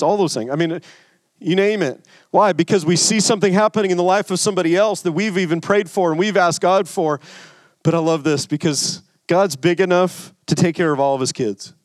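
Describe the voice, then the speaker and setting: A man preaching a sermon in a loose, conversational way, stumbling over and repeating words as he goes. His voice sits a bit higher than most men's. The sound is dry, with no room around it. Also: no room sound. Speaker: pastor.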